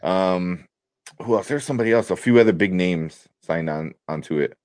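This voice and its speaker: A man's voice: low voice, moderate pace, darkish tone, no room sound. Casual chatty man, dry close mic. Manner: loose, swears freely, laughs often. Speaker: podcast co-host. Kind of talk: casual chat. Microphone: desk mic.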